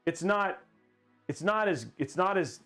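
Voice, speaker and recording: A man hosting a casual livestream while building a PC, excitable and rambling as he hypes the viewers' goals. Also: high voice, measured pace, faint music behind.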